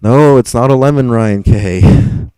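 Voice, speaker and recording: A man's voice: medium pitch, unhurried, mellow, smooth, dry recording, low-quality recording. A young man live streaming and answering chat, frustrated and rambling, swearing and stumbling over repeated words.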